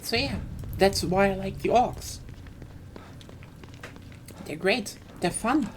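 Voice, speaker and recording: A woman's voice: medium pitch, slow pace, a little hiss or hum. Chatty, swearing woman streamer. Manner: chatty, profane, enthusiastic with frequent fillers. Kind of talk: casual rant while streaming a game.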